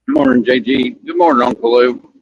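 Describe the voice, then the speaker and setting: A man's voice: medium pitch, fairly quick, slight background noise. A man co-hosting a casual live stream, teasing the host and reading messages from the chat. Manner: teasing, chimes in and reads from the chat. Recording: dull, dry lo-fi sound.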